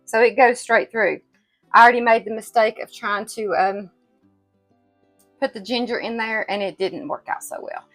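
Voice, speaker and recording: A woman's voice: on the high side, fairly even intonation, normal speed, fairly bright tone, faint music behind. Chatty woman, rambling kitchen demo. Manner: rambling, self-interrupting, folksy. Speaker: home cooking instructor. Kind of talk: unscripted kitchen demonstration. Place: home kitchen.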